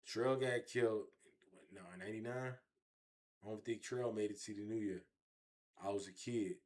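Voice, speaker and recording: A man telling his own story in an interview, animated and repetitive, with heavy street slang. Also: lowish voice, normal speed. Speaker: interview guest.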